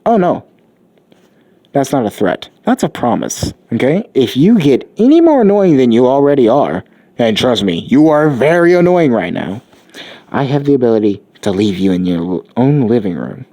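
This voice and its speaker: A man's voice: mid-range voice, very animated, normal speed, warm tone. Guy playing smug teenage genius kid, brags a lot, storytime vibe. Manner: cocky, boastful.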